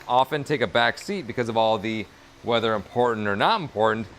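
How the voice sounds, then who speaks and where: Slight background noise accompanies this leather crafter's livestream. His voice is fairly low-pitched and fairly bright, running a little fast, as he rambles casually with fillers, upbeat and encouraging, at work in his workshop.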